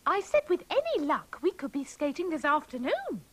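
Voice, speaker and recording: A woman's voice: high voice, huge pitch swings, normal speed. A woman voicing a chatty, bossy young female panda puppet who giggles and schemes. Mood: chirpy scheming. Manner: sing-song, giggly, scheming. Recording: hissy old VHS tape.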